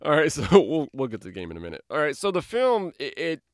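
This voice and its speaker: A man hosting a podcast in casual chat, lively and chatty, laughing often. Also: on the high side, fast, no echo, studio quality. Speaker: podcast host.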